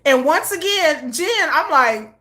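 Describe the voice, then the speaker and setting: A middle-aged woman hosting a casual K-pop news chat, chatty and excitable, often slipping into quick acted quotes. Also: sits high.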